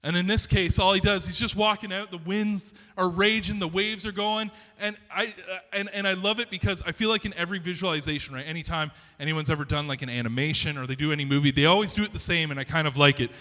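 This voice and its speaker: A man preaching in a church sanctuary, his voice high and bright, carried by a long hall reverb. He speaks in an animated, conversational way, with restarts and asides to the congregation. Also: fast, hardly any pauses. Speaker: pastor. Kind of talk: sermon.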